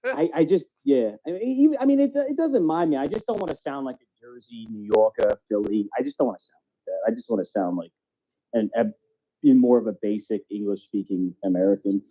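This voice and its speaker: A man's voice: mid-range voice, expressive, a little fast. Rambling blunt man, faint Philly accent. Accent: faint Philadelphia. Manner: rambling, blunt, swears casually. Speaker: podcast co-host. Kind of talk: casual chat. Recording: dull lo-fi sound.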